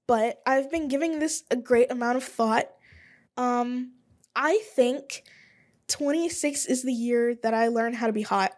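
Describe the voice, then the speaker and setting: A woman in her twenties hosting a casual solo podcast, rambling and chatty, thinking out loud as she goes. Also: on the high side, steady tone, a little slow. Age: 20s. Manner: rambling, chatty, thinks aloud while looking things up. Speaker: podcast host.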